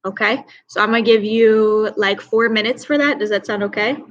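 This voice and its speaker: A young woman teaches an online class, speaking into a computer mic on a video call. Her pitch sits in the middle, and she keeps a chatty, upbeat tone. She praises students by name as she goes. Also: normal speed, dull audio.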